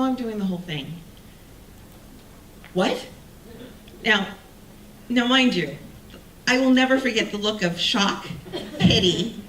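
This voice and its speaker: Lively woman telling a story on stage. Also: fairly high pitch. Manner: animated, self-mocking, acts out quoted voices. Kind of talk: live personal storytelling. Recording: roomy sound from a distant mic with faint ambience.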